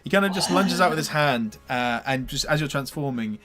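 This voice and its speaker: A man's voice: a little high, animated, fairly quick, over music. A man narrating as game master of a tabletop game, hesitant, with many fillers and restarts.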